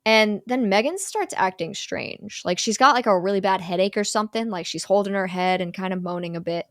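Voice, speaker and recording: A woman's voice: mid-range voice, brisk, no room sound, studio quality. A woman co-hosting a podcast, casually retelling a horror film's plot with lots of "like" fillers. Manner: animated storyteller, many "like" fillers. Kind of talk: casual chat, narrating a plot.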